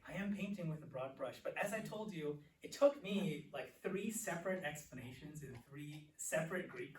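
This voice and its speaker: A young man teaching a Greek class in a church classroom, explaining patiently and repeating words slowly. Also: fairly high pitch. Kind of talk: classroom lecture. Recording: echoey room, distant mic, faint hiss.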